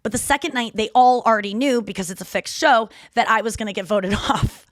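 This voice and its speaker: A slightly high, slightly fast female voice comes through a dry, studio-quality recording. The speaker, a comedian in her thirties, hosts a podcast and chats casually in an animated, profane way, acting out quotes in mocking voices and often using "like" and restarting.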